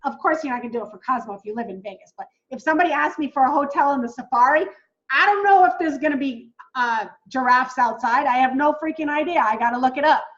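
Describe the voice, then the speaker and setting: A woman coaching new travel agents in a casual, excitable way, talking straight to viewers as "guys". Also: high voice, fast talker, highs cut off. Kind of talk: casual teaching while screen-sharing.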